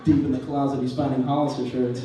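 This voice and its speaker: A man's voice: mid-range voice, level tone, fast talker. A young man doing a rambling, self-mocking stand-up comedy set on stage in front of a live audience. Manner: rambling, self-mocking, acts out voices of others. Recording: echoey distant room recording, noisy.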